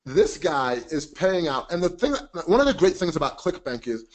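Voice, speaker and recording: A man's voice: on the high side, big pitch swings, moderate pace. Man running a casual webinar lesson, talks up the point, laughs at himself. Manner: chatty and emphatic, self-joking. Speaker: webinar presenter.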